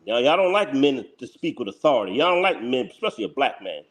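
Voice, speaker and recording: A man's voice: mid-range voice, sing-song, fast talker. A man hosting his own channel, giving blunt, heated live reaction commentary that repeats its points and breaks into laughter. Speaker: channel host.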